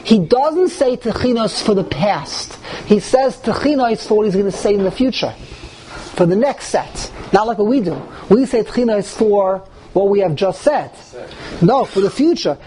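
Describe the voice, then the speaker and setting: A man teaching a live group as a religious teacher, reading texts aloud and explaining them with animated emphasis. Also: high voice, a little hiss or hum.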